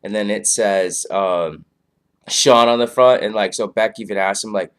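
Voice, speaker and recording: A man's voice: fairly low pitch, normal speed, fairly bright tone, clean tone. A man casually reviewing a comedy show, rambling loosely with lots of fillers. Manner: loose, filler-heavy, laid-back.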